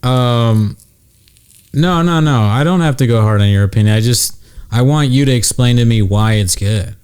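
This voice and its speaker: Male podcast host, casual and teasing, average pitch. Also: moderate pace, a little mellow, smooth. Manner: teasing, needling.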